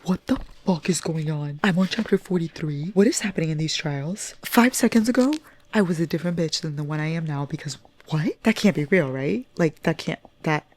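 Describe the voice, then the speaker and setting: A young woman chatting casually in a book vlog, excitable and profane, gushing about what she reads. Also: deep voice, a little fast. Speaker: book vlogger. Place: at home indoors.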